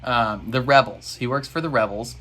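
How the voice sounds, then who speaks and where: A man's voice: medium pitch, moderate pace, sharp tone, a little hiss or hum. A man in a casual reaction video, recapping an episode in a rambling, exasperated way.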